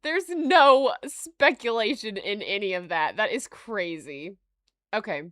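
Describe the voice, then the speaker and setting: Animated woman live-streaming, dry sound. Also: mid-range voice, slow, no echo. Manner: animated, laughing often, reading aloud and reacting to chat. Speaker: livestream host. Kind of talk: live stream theory chat.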